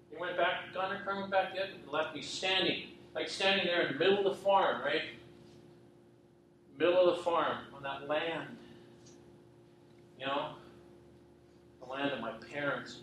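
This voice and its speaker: A man's voice: medium pitch, fairly bright tone. A middle-aged man, a pastor, giving an earnest personal testimony sermon, often checking in with the listeners. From western Canada. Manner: earnest, repetitive, asks listeners "right?". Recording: echoey hall from far off, faint noise.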